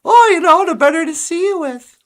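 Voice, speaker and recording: Lady putting on a sneaky big bad wolf, laid back and drawly, high and swoopy voice. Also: lively intonation, a little fast. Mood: offhand. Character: sly hungry male big bad wolf.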